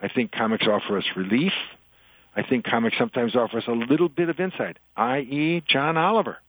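An older man talks as an interview guest, in a chatty storyteller's way. His voice gets animated when he delivers punchlines. The room sounds dry and close. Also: medium pitch, brisk, no room sound, low-quality recording. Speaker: author and guest. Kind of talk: interview conversation, telling jokes.

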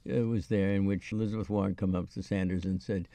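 A man with a gravelly, mellow voice speaks earnestly on a studio panel, cutting in to press his points. The sound is dry and close. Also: low voice, fairly even intonation, quick pace, no echo. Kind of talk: panel discussion.

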